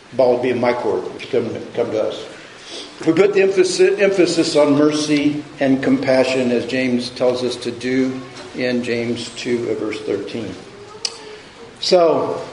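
A man preaching a sermon in a conversational, halting way, often restarting and repeating his words. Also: medium pitch, darkish tone, roomy sound, a little hiss or hum, poor audio. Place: church sanctuary.

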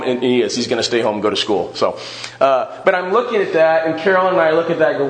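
A man's voice: mid-range voice, lively intonation, fast. A middle-aged man leading a church Bible class, earnest and often checking in with the group with "all right?". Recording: echoey room.

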